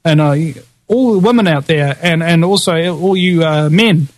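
A man's voice: a little high, normal speed, a little mellow, dry recording. A man hosting a podcast, casually running through past guests in a rambling way, with lots of fillers and chuckling asides. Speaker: podcast host.

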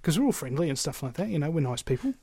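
Animated New man telling jokes. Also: on the high side, very fast, breathy edge, dry recording. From New Zealand. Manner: joking, animated storyteller. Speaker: guest. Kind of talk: casual conversation.

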